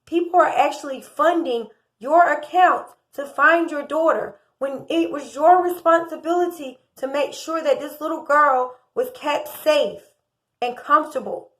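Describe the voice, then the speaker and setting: American woman, 30s, high voice, heated opinionated commentary, gets louder as she argues. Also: unhurried. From United States. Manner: impassioned, indignant, rising in volume. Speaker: true crime commentator.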